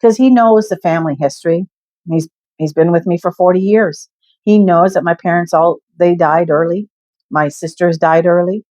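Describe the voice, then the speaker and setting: A woman's voice: on the low side, steady tone, moderate pace, a little mellow, no echo. An older woman frankly telling a personal story to her viewers, emphatic and candid. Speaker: vlogger.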